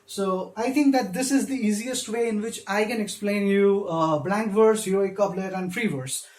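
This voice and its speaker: A man's voice: high-pitched, moderate pace, a little mellow. A man who gives a literature lecture, patiently explaining step by step and stressing syllables when he demonstrates them. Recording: echoey room.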